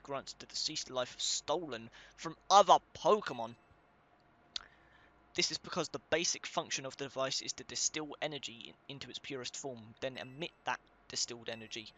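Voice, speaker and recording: A man's voice: medium pitch, pushed and bright, a little hiss or hum. A young man giving casual commentary while reading game text aloud, swearing now and then and stumbling over hard names. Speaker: let's play gamer.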